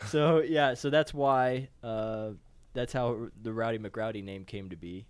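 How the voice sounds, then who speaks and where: A man's voice: mid-range voice, measured pace, clear, resonant tone, dry recording. A man co-hosting a casual podcast, telling a profane story and laughing a lot. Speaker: podcast co-host.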